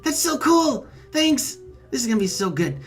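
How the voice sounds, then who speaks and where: A man's voice: high voice, expressive, brisk, a bit bright, soft background music, voice pushed up. A man voicing a lonely, eager young male bee troll with a buzzy voice who apologizes and pities himself. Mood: thrilled. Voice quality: buzzy accent. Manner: eager, apologetic, self-pitying.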